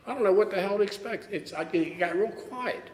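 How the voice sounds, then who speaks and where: A man's voice: high voice, fairly quick, slight background noise. An older man with a Texan accent giving a plainspoken, wryly humorous share at a recovery meeting. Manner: plainspoken storytelling with wry humor. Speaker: AA speaker. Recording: echoey hall with long reverb.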